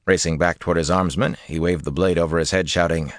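A man reading a fantasy novel aloud as an audiobook narrator, measured and expressive. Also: deep voice, no echo, studio quality.

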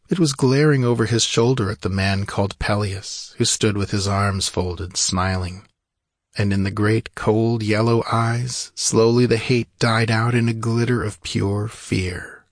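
Husky low male storyteller. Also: no echo, clean studio sound. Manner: steady, measured storytelling. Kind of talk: scripted narration of a fantasy story.

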